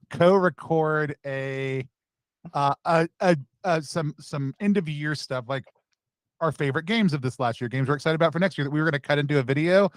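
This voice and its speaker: A man's voice: fairly high pitch, no echo. A man co-hosting a casual stream, rambling with many fillers and restarts. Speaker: stream co-host. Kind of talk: casual chat.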